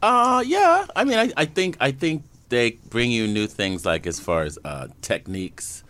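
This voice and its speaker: A man co-hosting a podcast in easygoing, casual chat, quick to react and laugh. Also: mid-range voice, big pitch swings, a bit bright. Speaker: podcast co-host.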